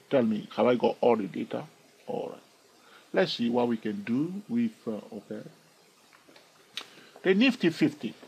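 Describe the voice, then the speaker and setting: A man hosts a casual chart walkthrough in a husky, slightly breathy voice. He chats loosely and keeps checking in with his viewers through questions and asides. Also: mid-range voice, a little mellow, poor audio. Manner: chatty, asks viewers questions, frequent "all right?". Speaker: trading video host.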